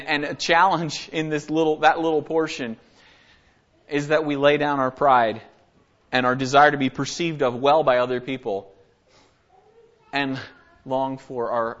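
A man's voice: mid-range voice, fairly bright tone, dull audio. A man giving an earnest, conversational Bible study sermon, reading verses aloud and explaining them. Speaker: Bible teacher.

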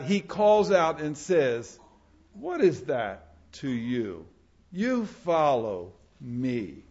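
Slow, high-voiced male preacher. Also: lo-fi sound. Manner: earnest, slow and emphatic, rising and falling for effect. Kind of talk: sermon.

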